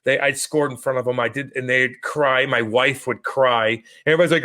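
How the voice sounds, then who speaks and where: A man in his thirties co-hosting a podcast, telling stories in a profane, animated, casual way. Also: medium pitch, fairly quick. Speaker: podcast co-host. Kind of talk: casual chat.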